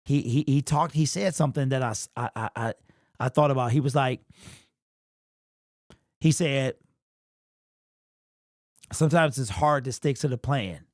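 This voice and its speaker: A man's voice: medium pitch, unhurried, long pauses, a little mellow, dry recording, clean studio sound. Emotional, rambling man on a livestream. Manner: rambling, repeats and restarts, slangy. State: emotional, sniffly. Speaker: livestream host. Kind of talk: casual livestream chat.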